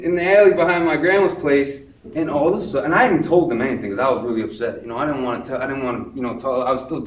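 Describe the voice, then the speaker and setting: Brief: high-pitched young man from Chicago, live storyteller, animated, acts out voices; echoey room, distant mic, audience noise. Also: dull audio. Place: live stage before an audience.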